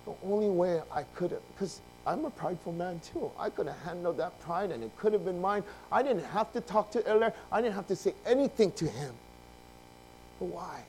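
A male pastor preaching a sermon, telling a personal story with lively acted-out dialogue, swinging between loud outbursts and hushed confession. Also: high-pitched, slight background noise, poor audio.

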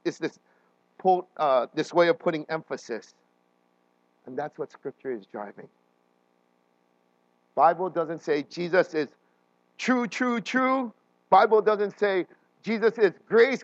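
A man preaching a sermon as a pastor, animated and often checking in with his listeners, with frequent restarts and fillers. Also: a little high, dry recording, muffled recording.

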